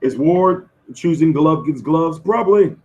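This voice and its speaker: Hoarse guy on a boxing stream, kinda high voice, slangy and cussing a lot. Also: lively intonation, moderate pace, darkish tone, muffled recording. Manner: loose, profane, slangy banter answering chat. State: losing his voice. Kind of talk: casual live-stream chat.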